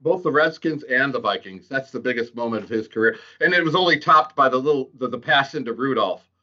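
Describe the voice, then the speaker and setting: A man co-hosting a casual sports chat, joking and animated. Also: mid-range voice, brisk. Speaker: podcast co-host. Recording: dull lo-fi audio.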